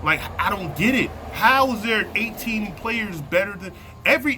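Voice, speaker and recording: A man vlogging a heated sports opinion rant from inside a vehicle, slangy and worked up, repeating himself and sinking into low mutters. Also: expressive, moderate pace, bright, forceful tone, slight background noise.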